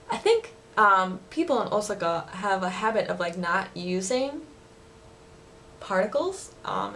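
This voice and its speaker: A woman's voice: medium pitch, fairly bright tone, slight background noise. A woman giving a casual video lesson on dialect phrases, chatty and giggly, with lots of fillers. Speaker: language vlogger teaching dialect phrases.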